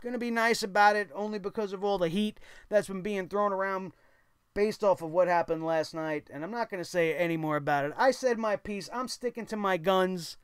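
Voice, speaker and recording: Blunt, high-voiced male show reviewer. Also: a little fast, clear, resonant tone, dry recording, studio quality. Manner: blunt, opinionated, swears casually. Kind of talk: casual commentary monologue.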